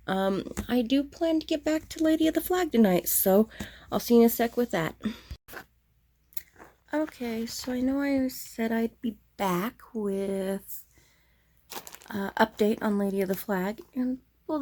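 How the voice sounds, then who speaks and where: In a casual vlog, a woman does a show-and-tell of her cross-stitch work, rambling and running herself down while repeatedly apologizing. Her mid-range voice comes across throaty and flat.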